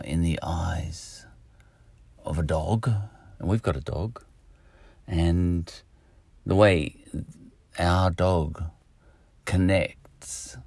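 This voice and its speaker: A man's voice: deep voice, vocal fry, darkish tone, no echo. A middle-aged Australian man hosting a solo podcast, rambling in a jokey, self-mocking way. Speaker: podcast host.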